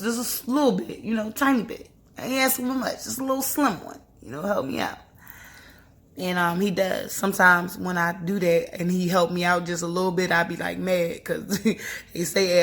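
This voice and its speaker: Gravelly-voiced woman giving earnest encouragement. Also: on the low side, fairly even intonation, normal speed, fairly bright tone. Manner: earnest, preachy and encouraging, laughs often. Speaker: vlogger. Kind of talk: casual heartfelt talk to camera.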